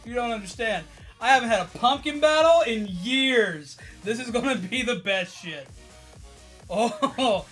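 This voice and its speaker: A man streaming to his viewers in casual chat, excitable and tired, swearing and laughing often as he rambles. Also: extremely high pitch, a little slow, soft background music.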